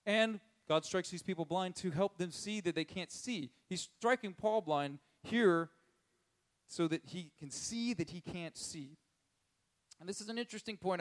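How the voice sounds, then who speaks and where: A male preacher works through scripture in a relaxed, conversational sermon, his voice a little high for a man. He chuckles often while telling the story and acts out the characters' lines in quick voices.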